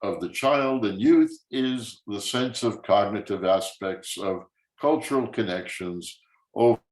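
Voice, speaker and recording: A man reading a text aloud in a study group, in a plain, fairly monotone manner. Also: lowish voice, unhurried, reverberant, poor audio.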